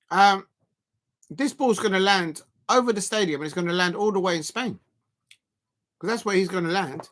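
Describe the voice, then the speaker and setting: Bright-voiced man reacting to football. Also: high voice. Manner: loud emphatic outbursts between halting, filler-heavy talk. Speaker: football watch-along host. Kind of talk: live match reaction commentary.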